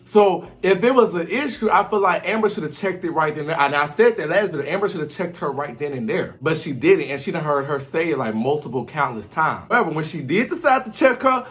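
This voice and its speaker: A man recapping a reality TV show in a casual commentary vlog, talking in an animated, slangy way and often acting out what people said. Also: fairly high pitch, brisk, hardly any pauses.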